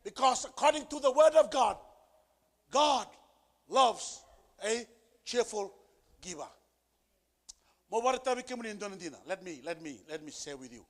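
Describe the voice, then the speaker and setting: A male pastor preaching a sermon with emphasis, repeating key phrases and building to shouted peaks. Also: very high-pitched, lively intonation, quick pace, few pauses. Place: church service.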